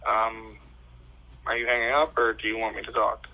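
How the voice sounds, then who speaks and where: A man's voice: fairly low pitch, monotone, normal speed, vocal fry, pushed and bright. A man working as a public defender, answering a phone call with terse, exasperated replies.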